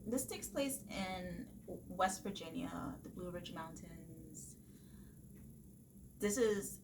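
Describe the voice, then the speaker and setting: Woman book vlogger, mid pitch, easygoing slow delivery, lots of fillers; faint hiss behind. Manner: chatty, animated retelling with frequent fillers and laughs. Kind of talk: casual book review chat.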